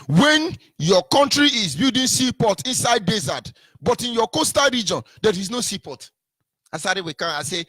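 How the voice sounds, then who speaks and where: A man's voice: high-pitched, big pitch swings, moderate pace, pushed and bright, breathy edge, dry recording. Fiery Nigerian man preaching to listeners. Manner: preachy, repeats rhetorical questions, sometimes sings lines. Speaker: activist broadcaster. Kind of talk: impassioned political monologue.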